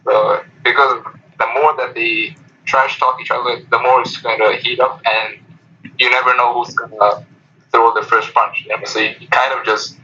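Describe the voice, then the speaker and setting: A man's voice: medium pitch, flat delivery, moderate pace, sharp tone, a little hiss or hum. A young man talking as a guest in a casual interview, hesitant, with many fillers and restarts. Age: young adult. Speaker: guest, former student council member. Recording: dull lo-fi recording.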